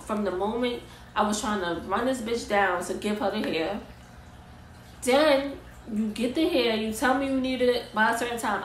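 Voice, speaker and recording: A young woman rants through a storytime vlog, heated, profane and emphatic. Her voice sits slightly high. The room is echoey, with faint ambient noise behind her. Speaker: vlogger and wig maker. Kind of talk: storytime rant.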